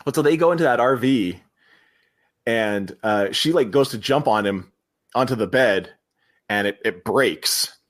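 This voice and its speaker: A man hosting a podcast, retelling a movie scene by scene in casual chat and laughing often. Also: mid-range voice. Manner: animated retelling, puts on quick voices for quotes, laughs often. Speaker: podcast host.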